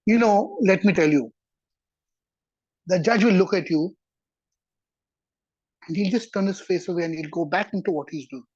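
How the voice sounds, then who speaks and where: Religious teacher, sermon delivery; husky tone, conversational and emphatic, with a dull lo-fi recording. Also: medium pitch, normal speed, long pauses, darkish tone, no echo. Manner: conversational, repeats words for emphasis, checks in with listeners. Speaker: Torah teacher.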